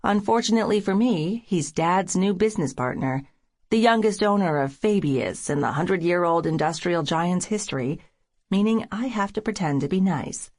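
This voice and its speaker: A woman's voice: fairly low pitch, animated, normal speed, a little mellow. Wry woman reading a romance audiobook. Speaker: audiobook narrator. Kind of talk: first-person scripted narration.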